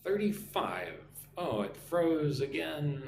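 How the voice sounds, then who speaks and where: An American man leads a live-streamed English lesson at a slow, deliberate pace, spelling out and repeating phrases for learners to shadow. His voice sits at an ordinary middle pitch. It is recorded on a computer mic in an echoey room with faint noise underneath. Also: expressive. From United States. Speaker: online English teacher.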